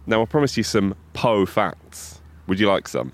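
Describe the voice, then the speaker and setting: Lively, playful male podcast host. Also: fairly low pitch, normal speed. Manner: playful, lively, reeling off facts. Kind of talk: casual chat. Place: outdoors by a river.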